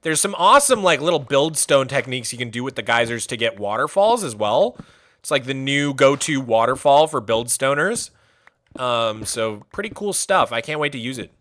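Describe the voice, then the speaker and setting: A man's voice: medium pitch, very animated, normal speed, fairly bright tone. A man chatting casually on a livestream, chatty and enthusiastic, rambling as he goes. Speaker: streamer.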